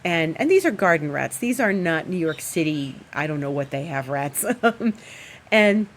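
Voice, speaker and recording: A woman astrologer host, at home, telling a story in a casual, animated and rambling way with fillers. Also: sits low, normal speed, slight background noise. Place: at home, indoors.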